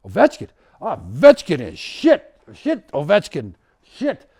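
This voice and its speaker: Guy doing a big blunt russian captain, choppy broken english, mellow tone. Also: fairly high pitch, huge pitch swings, normal speed, breathy edge, pitched above the performer's own voice, heavily acted. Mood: scornful.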